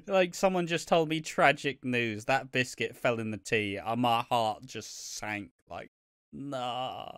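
A man's voice: medium pitch, slow pace, a bit bright, smooth, dry recording, clean studio sound. A young man co-hosting a casual podcast, swearing often and laughing as he rambles about a soap. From Britain. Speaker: podcast co-host. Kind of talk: casual chat.

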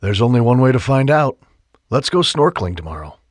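A man's voice: mid-range voice, big pitch swings, fairly quick, breathy edge, no room sound, studio quality, voice pushed up. A man voicing an earnest, remorseful young man in an audiobook romance, speaking with emphasis. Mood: eager.

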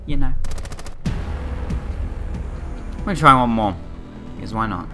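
A man's voice: medium pitch, animated, slow pace, bright, forceful tone, faint music behind. A man casually commenting on his own gameplay, muttering reactions and exclamations. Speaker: gamer. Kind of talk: casual let's play commentary. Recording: game audio with gunfire. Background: game gunfire.

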